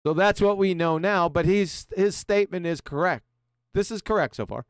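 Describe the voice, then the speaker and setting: A man's voice: high voice, moderate pace, long pauses, clean tone, dry recording, clean studio sound. A man hosting a commentary stream, mocking a clip he plays with sarcasm and swearing. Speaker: host reacting to a video.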